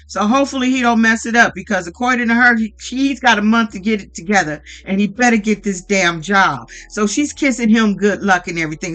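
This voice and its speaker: A woman's voice: medium pitch, sharp tone. A woman giving casual reality TV recap commentary in a blunt, profane and opinionated way. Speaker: vlogger recapping a reality show.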